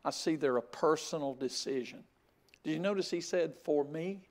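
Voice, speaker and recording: An older man preaching a sermon, telling a folksy story with loud outbursts. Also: on the high side, moderate pace. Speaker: pastor.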